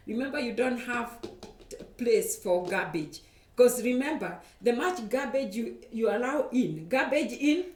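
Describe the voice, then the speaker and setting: A woman's voice: a little high, a little mellow. A woman pastor, preaching and praying earnestly to her viewers, often repeating her words. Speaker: pastor and show host. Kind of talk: preaching and prayer. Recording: echoey, distant from the mic.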